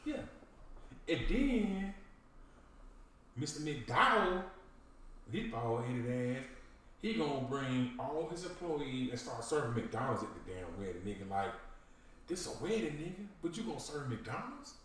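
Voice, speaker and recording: A man's voice: medium pitch, sing-song, unhurried, pauses often, fairly bright tone, recorded from a distance. A brash young prince with a thick Southern drawl, cursing and bragging as he rambles, played by a man. The voice sits in a mid register and sounds off-mic in a very echoey room, with faint ambience behind it. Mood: boastful. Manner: profane, boastful, rambling slang. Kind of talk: comedic interview sketch.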